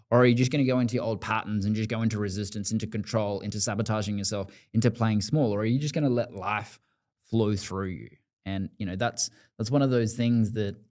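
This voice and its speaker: A man's voice: fairly low pitch, darkish tone. Man telling a story. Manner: storytelling, acts out quoted voices. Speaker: podcast host. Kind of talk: casual storytelling conversation.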